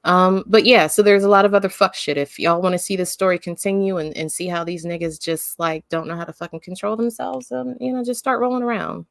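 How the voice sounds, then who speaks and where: A woman's voice: lowish voice, fairly even intonation, brisk, vocal fry, few pauses, no echo, clean studio sound. A woman hosting a live stream, talking bluntly and emphatically with heavy swearing in casual commentary. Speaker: livestream host.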